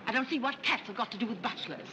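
A woman's voice: a little high, lively intonation, fast talker, lightly acted. An actress playing a flighty, dithering society mother in a 1930s film. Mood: flustered. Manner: dithering, flustered, twittering. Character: flighty fluttering society mother, middle-aged woman. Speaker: wealthy mother. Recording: noisy 1930s film soundtrack.

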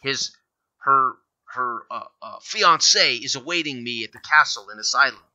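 A battered feudal lord holds court, as a man voices him for a tabletop game, his speech formal and old-fashioned. The voice is very bright and cutting, and the recording has a dull, lo-fi sound. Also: mid-range voice, expressive, moderate pace, dry recording. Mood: grave. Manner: formal, archaic phrasing. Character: besieged, weary male feudal lord, commanding.

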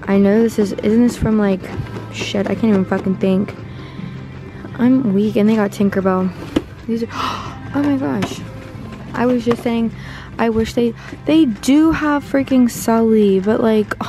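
A young woman, chatting casually and excitably in a vlog, swearing freely and using slang. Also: on the high side, slow pace, long pauses, faint music behind. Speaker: vlogger.

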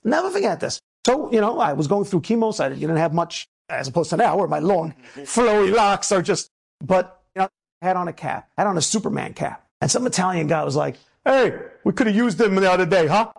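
Gravelly-voiced rabbi telling a story. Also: male voice, brisk. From United States. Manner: animated storyteller, swings between low asides and emphatic preaching. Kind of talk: inspirational storytelling talk.

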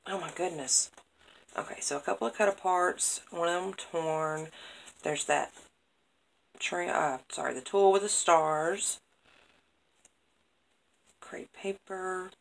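A woman's voice: fairly low pitch, takes it slowly, vocal fry, long pauses, poor audio. A woman, chatting casually to camera as she opens craft mail and gushes over every piece. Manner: gushing, excitable, repeats praise words. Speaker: craft vlogger opening happy mail.

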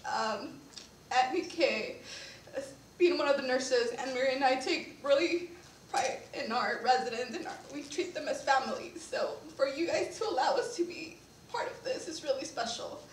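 Woman giving a eulogy, high voice, teary and laughing, sounds far off in a big echoey church. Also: expressive, normal speed, a little hiss or hum. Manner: emotional, laughs through tears, apologizes. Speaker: resident services director at a senior living community. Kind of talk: eulogy at a memorial service. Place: church sanctuary.

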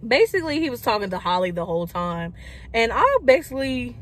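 A woman's voice: a little high, very animated, fairly quick, slight background noise. A woman vlogger telling a personal story in a casual, chatty way, full of likes and quoted asides.

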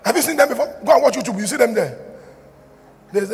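A man's voice: extremely high pitch, fast talker, vocal fry, pauses often, a little hiss or hum. A middle-aged man preaching a sermon, joking and acting out little dialogues as he goes. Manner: animated, jokey, shouts and acts out dialogue. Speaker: pastor. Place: large church hall. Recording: hall reverb with faint ambience.

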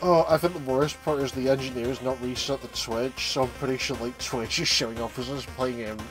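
A man's voice: mid-range voice, steady tone, brisk, a bit bright, faint music behind, rough recording. A man ranting and swearing in a casual chat while playing a video game on stream. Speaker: let's play commentator. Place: home streaming setup. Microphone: streaming microphone.

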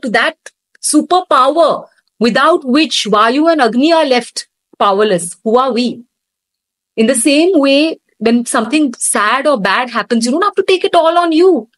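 A woman instructor retelling a scripture story in an animated storytelling manner during a lesson. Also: sits high, moderate pace, no room sound, poor audio.

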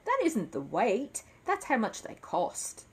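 A fussy male shopkeeper talks in a high, drawn-out storybook voice, as a woman plays him. He sounds prim and doubtful, with husky edges and a lively swing in pitch. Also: exaggerated voice. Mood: amused.

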